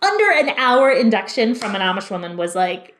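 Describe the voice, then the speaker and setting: Thirties woman telling a nurse story on a podcast, kinda high voice, acts out her own lines. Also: big pitch swings, brisk, fairly bright tone, slight background noise. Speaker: guest, former labor and delivery nurse.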